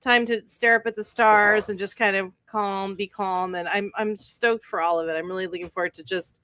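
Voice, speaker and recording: A woman co-hosting a podcast in casual chat, relaxed and rambling. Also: mid-range voice, normal speed, no room sound. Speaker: podcast co-host.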